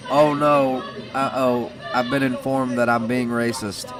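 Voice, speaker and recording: Slow-talking chatty male stream host. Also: mid-range voice, flat delivery, recorded from a distance, a crowd in the background. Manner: chatty, reads viewer chat aloud, self-mocking. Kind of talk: casual live-stream commentary.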